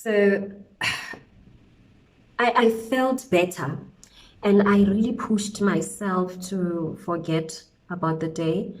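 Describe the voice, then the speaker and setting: A young woman from South Africa, a beauty vlogger chatting through a storytime while she does her makeup, animated and peppered with slang interjections. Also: medium pitch, slow pace, long pauses, rough recording. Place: indoors at home, windy outside.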